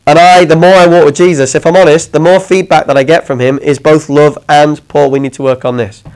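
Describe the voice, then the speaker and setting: Brief: male preacher, chatty sermon, slightly high voice, keeps asking "okay?". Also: steady tone, brisk, darkish tone, clear, resonant tone, rough recording. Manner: conversational, checks in with listeners often.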